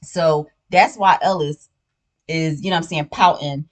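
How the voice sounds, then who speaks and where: A woman's voice: low-pitched, fairly even intonation, measured pace. A woman hosting a casual spoiler recap of a TV show. She talks in a chatty, slangy way and keeps asking "you know what I'm saying". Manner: sips a drink while talking.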